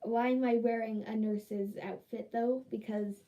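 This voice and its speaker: Slow, rambling young woman vlogging. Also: fairly high pitch, fairly even intonation, dark tone, poor audio. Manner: rambling, exasperated, full of fillers. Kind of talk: casual vlog chat while dyeing hair.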